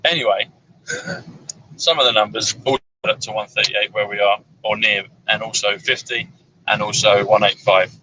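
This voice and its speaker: Low, very bright-voiced man rambling about numbers. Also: fairly even intonation, normal speed, slight background noise, rough recording. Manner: rambling, number-crunching chatter with fillers. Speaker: numerology guest. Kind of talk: casual chat on a road trip. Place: inside a moving car on a road trip.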